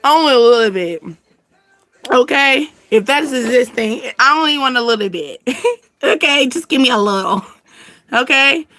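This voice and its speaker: A woman chatting casually as a channel host, animated and slangy, laughing often. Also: high-pitched, moderate pace. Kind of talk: casual chat.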